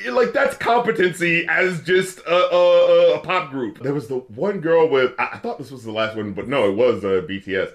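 High-voiced, laughing casual podcast guy. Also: moderate pace, hardly any pauses. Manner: profane, laughs often, filler-heavy. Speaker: podcast co-host. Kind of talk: casual chat.

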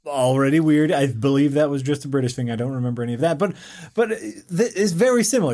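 A man co-hosting a loose, casual conversation. He rambles enthusiastically, stacking fillers and restarts as he pitches ideas. He is quick to laugh. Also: dark tone. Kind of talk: casual chat.

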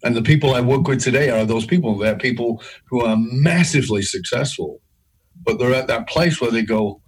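A middle-aged man telling a personal story in an interview, intense and emphatic, with his pitch swinging widely. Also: fairly quick, husky, poor audio. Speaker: guest, leadership speaker.

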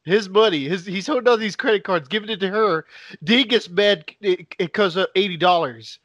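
A man's voice: high voice, fairly quick, no room sound. A man co-hosting a podcast in casual chat, telling stories and laughing often. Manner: laughs often, animated storytelling. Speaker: podcast co-host.

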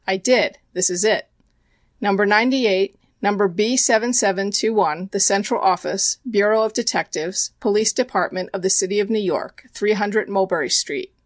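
A woman reading an audiobook chapter in an even, measured narration. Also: mid-range voice, no room sound.

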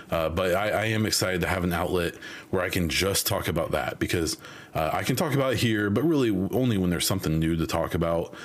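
Deep-voiced man hosting a casual podcast. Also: slight background noise. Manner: rambling, many ums and restarts. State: losing his voice. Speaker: podcast host. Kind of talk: casual solo podcast talk.

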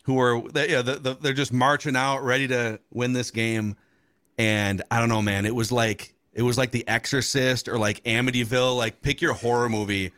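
A man hosting a podcast, chatting casually and telling a story with relaxed, dry asides. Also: mid-range voice, moderate pace, no room sound. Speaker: podcast host.

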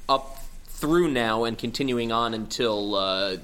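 A burnt-out, exhausted man in casual chat, talking slowly and haltingly from his office. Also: mid-range voice, fairly bright tone.

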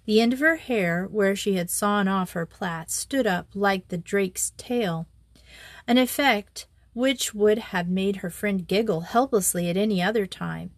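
A woman reads a classic children's storybook aloud in a measured, even manner. Her voice sits at a middle pitch. The recording is dry and close, with no room sound. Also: no room sound. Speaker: audiobook reader. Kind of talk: scripted storybook narration.

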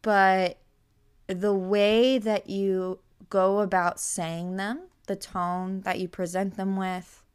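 A young woman hosting a podcast, telling a story in a casual, animated way with lots of "like" and incredulous asides. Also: mid-range voice, slow pace, clear, resonant tone. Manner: animated, incredulous, heavy use of "like". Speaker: podcast host.

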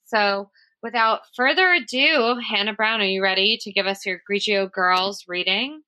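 A woman's voice: medium pitch, moderate pace. A woman hosting a podcast, chatting casually with lots of fillers. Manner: chatty, many fillers, warm-hearted reading. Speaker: podcast host.

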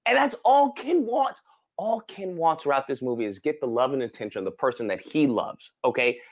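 A man co-hosting a podcast, retelling a movie plot in casual chat with animated, dramatic exclamations. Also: medium pitch, fairly quick. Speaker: podcast co-host.

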